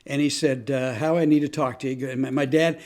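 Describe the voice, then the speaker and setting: A man hosting a talk on grief and humor, telling a true story with earnest, slow, emphatic phrasing. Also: mid-range voice, fairly even intonation, a little mellow. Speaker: host.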